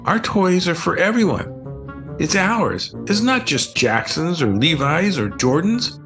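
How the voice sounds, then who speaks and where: A man's voice: on the high side, big pitch swings, unhurried, music in the background. A man voicing a wise eight-year-old girl cousin in a storybook, earnestly explaining.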